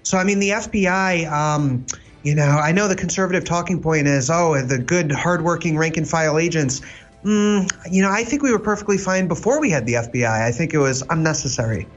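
A man speaking as a guest commentator on a political talk show, halting with lots of fillers and a wry edge. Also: on the high side, lively intonation, lo-fi sound, faint music behind.

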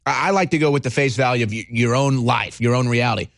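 A man's voice: mid-range voice, quick pace, vocal fry, fairly bright tone, dry recording, clean studio sound. A man hosting a talk show, asking his guest leading questions in a conversational way. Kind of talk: casual talk-show chat.

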